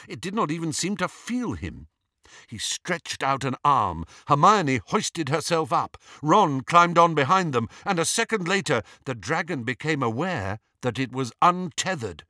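Male audiobook reader, dramatic delivery, slightly high voice, dry close sound. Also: dry recording. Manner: dramatic, expressive reading with acted shouts. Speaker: audiobook narrator. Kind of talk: scripted audiobook narration.

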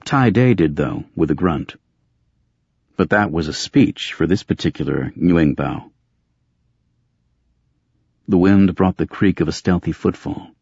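A very deep, husky male voice narrating a first-person audiobook in a dry, gritty way. The sound is close and dead, with no room around it. The recording is a little dull and muffled. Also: animated, unhurried, pauses often, darkish tone, no room sound.

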